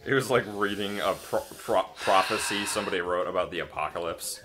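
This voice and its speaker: A man making relaxed, amused side remarks while his friend plays a game. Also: low voice, brisk, noisy background. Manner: relaxed, amused, chuckling asides. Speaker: let's play co-host. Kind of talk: casual gameplay banter.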